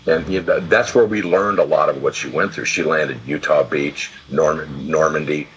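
A man's voice: very deep voice, steady tone, moderate pace, fairly bright tone, a little hiss or hum, low-quality recording. A man in his sixties from California, a podcast guest telling rambling, salty stories full of restarts. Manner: rambling, profane, with many restarts. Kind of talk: casual storytelling interview.

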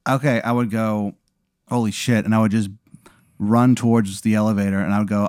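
A man's voice: on the low side, little pitch movement, brisk, a little mellow, clean tone, dry recording, studio quality. A man in casual chat, answering a hypothetical by acting out his own panicked reactions and swearing freely. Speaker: podcast co-host answering a hypothetical.

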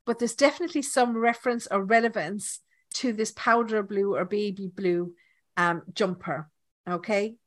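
A woman's voice: mid-range voice, moderate pace, dry recording. An Irish woman hosting a live psychic reading, talking at length and checking in often with her listener. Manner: chatty, checks in with "okay?". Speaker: medium, podcast host.

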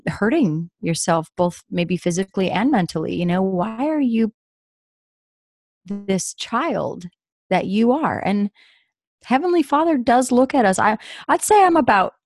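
Woman, podcast co-host, casual faith talk, gentle, chatty, dry sound. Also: mid-range voice, dry recording. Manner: gentle, encouraging, chatty with fillers.

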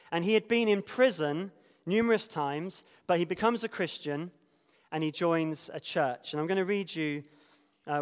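A man preaches to his church and reads from a book with a lot of expression, letting some lines drop to a hush and pressing hard on others. His voice sits a little high. It rings out with the long reverb of a large hall. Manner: expressive reading, shifting between soft hushed lines and emphatic ones. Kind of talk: sermon with a dramatic reading from a book.

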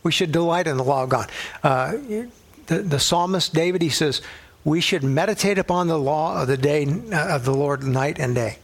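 A man's voice: fairly high pitch, normal speed. A middle-aged male pastor teaching a sermon in a conversational way, telling personal stories and using a coffee cup as a prop.

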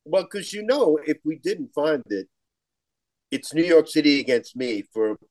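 A man's voice: a little high, sing-song, a little slow, a little mellow. A man in casual podcast chat, talking expressively and acting out his own reactions.

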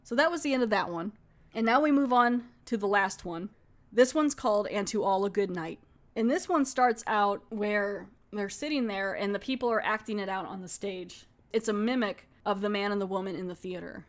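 A woman's voice: medium pitch, moderate pace. A woman casually reviewing a horror anthology film, retelling scenes in a chatty way with quoted lines. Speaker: movie reviewer.

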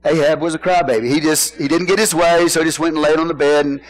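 A man's voice: on the high side, fairly even intonation, fast talker, rough recording. A man preaching a sermon in church, folksy and joking, often asking the congregation questions. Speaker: pastor.

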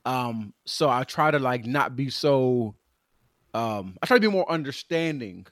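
A man's voice: mid-range voice, expressive, measured pace, a bit bright, no echo, clean studio sound. A man co-hosting a podcast, chatting casually about parenting in a rambling way with many restarts. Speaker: podcast co-host. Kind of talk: casual chat.

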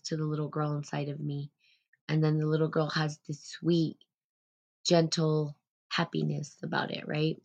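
A woman hosting a live stream, talking casually about self-love in a gentle, rambling way. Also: sits low. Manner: rambling, gentle, many "like" fillers. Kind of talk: casual spiritual self-help talk.

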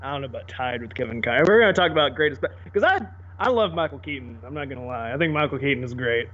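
A man co-hosting a podcast in casual chat, animated and quick to laugh and put on voices. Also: medium pitch. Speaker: podcast co-host. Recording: dull lo-fi audio.

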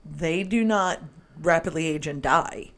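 Low-voiced woman in lively film chat. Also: a little slow. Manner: animated, laughs often, cuts in. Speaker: podcast co-host. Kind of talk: casual movie review chat.

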